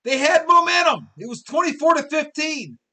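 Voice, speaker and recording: High, bright-voiced ranting man in his fifties. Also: expressive, moderate pace. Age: 50s. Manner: exasperated, ranting, repeats questions. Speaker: sports talk show host. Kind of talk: live sports talk rant.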